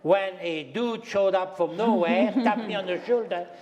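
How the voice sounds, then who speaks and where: A man's voice: sits high, normal speed, darkish tone, muffled recording. A man in his seventies with a French accent, a retired pastry chef telling anecdotes on stage, chuckling often and speaking with non-native grammar. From France. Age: 70s.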